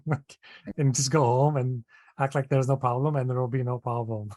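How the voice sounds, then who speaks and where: A man's voice: medium pitch, steady tone, moderate pace, darkish tone, dry recording. A man co-hosting a casual chat, hesitant and full of fillers, laughing often. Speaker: podcast co-host.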